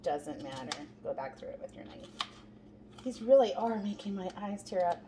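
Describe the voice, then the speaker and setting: A woman's voice: medium pitch, lively intonation, normal speed, dark tone, slight background noise. A woman hosting a casual cooking demonstration in a home kitchen, chatting through each step as she works. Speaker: cooking show host. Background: background music.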